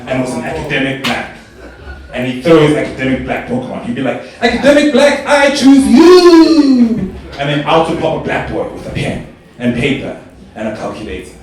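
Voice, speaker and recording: Young man, stand-up comedian, lively swooping pitch, very echoey stage sound, heard from a distance. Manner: animated storytelling, jumps to high squeals for own quoted voice. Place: stage in a club or hall.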